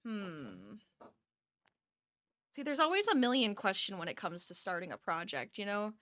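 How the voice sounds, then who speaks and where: A woman's voice: medium pitch, big pitch swings, moderate pace, fairly bright tone. A tired woman chatting casually with her viewers during a live crochet stream from her home office, laughing often and reading chat aloud.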